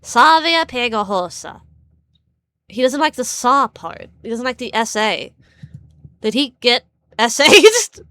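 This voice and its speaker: A woman's voice: fairly high pitch, lively intonation, measured pace, a bit bright, a little hiss or hum. A woman streamer chatting casually, rambling and stammering with frequent laughs. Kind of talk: casual live-stream chat.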